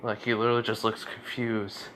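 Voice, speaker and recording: A man's voice: fairly low pitch, monotone, brisk, fairly bright tone, slight background noise. A man casually narrating an improvised fan story, rambling with fillers and self-corrections.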